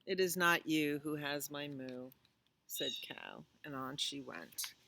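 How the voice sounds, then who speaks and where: A woman librarian reading a picture book aloud to young children, doing animal sounds in an animated way. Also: sits low, takes it slowly, gravelly, no room sound. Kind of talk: storytime read-aloud. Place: library storytime.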